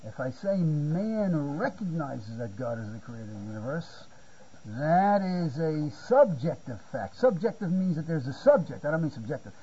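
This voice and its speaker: An older man giving a spontaneous Torah lecture, halting and repeating words, often checking with "you see?". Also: a little high, very animated, warm tone, husky. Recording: muffled lo-fi recording.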